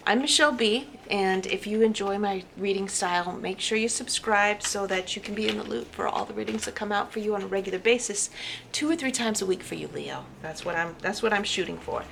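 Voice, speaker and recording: A woman giving a casual tarot reading to camera, talking in an animated way and repeating words for emphasis. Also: medium pitch, fairly quick, vocal fry, a little hiss or hum. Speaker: tarot reader.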